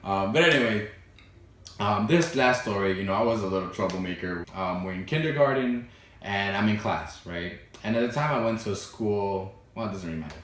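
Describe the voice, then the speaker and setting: Young dude vlogging, rambly and animated, lots of "you know", roomy echo. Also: male voice, on the low side, brisk, recorded from a distance, slight background noise. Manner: animated, laughs often, fillers like "you know" and "right". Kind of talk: casual storytelling to camera.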